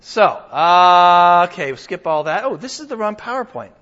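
High-voiced older pastor preaching. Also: male voice, sing-song, normal speed, a bit bright, slight background noise. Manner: conversational, emphatic, jokes with the congregation. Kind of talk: sermon. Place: church hall with a congregation. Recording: dull lo-fi sound.

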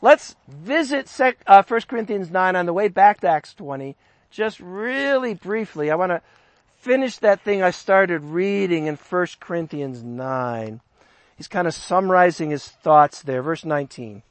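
Guy preaching, pretty high voice, super dry close sound, chatty and animated. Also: no room sound. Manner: animated, conversational, reads scripture with rising emphasis. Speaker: pastor. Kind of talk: sermon.

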